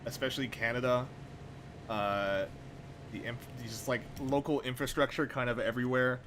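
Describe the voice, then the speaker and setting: A man's voice: mid-range voice, fairly even intonation, moderate pace, a bit bright, a little hiss or hum. A young man streaming a train simulator, chatting casually with rambling, profane, wry asides. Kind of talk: casual gameplay commentary.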